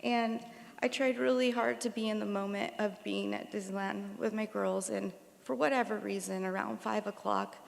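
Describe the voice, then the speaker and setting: Brief: emotional daughter in her 40s at a podium, gravelly and rambling, echoing concert hall. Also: medium pitch, steady tone, moderate pace. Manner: emotional, rambling, many fillers. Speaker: daughter giving a eulogy. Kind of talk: memorial tribute speech. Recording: long hall reverb.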